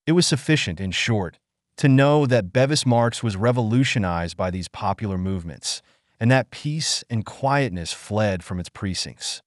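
Reading a classic novel aloud, this male audiobook narrator keeps his lowish voice measured and even. The clean studio recording has no echo.

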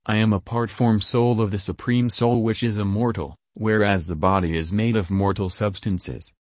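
A man voicing a serene elderly male saint who speaks calmly and gently in a storytelling reading. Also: fairly low pitch, no room sound, natural voice. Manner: calm, gentle, unhurried speech.

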